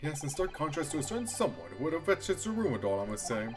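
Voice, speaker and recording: A woman voicing a pompous, eccentric gentleman detective who speaks in a theatrical drawl. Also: deep voice, sing-song, fast, music in the background. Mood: smug.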